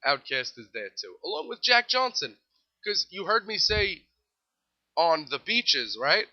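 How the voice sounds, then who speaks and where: A young man with a New York accent hosting a casual music news show, reading off festival lineups with wry, offhand asides. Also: on the high side. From New York City. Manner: wry, offhand asides while rattling off lists. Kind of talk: casual solo commentary. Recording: slightly dull lo-fi recording.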